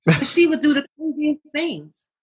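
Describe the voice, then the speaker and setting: A middle-aged woman, a guest in a candid interview, talking as an emphatic, animated storyteller. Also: high-pitched, moderate pace, poor audio. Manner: emphatic, animated storyteller with repeated rhetorical questions.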